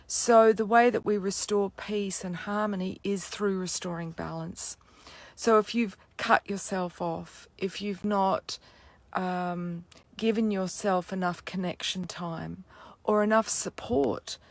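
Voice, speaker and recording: Woman astrology teacher, unhurried and low, dry close sound, reflective asides. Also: dry recording. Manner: reflective, peppered with "you know" and "yeah". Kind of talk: spiritual talk to camera.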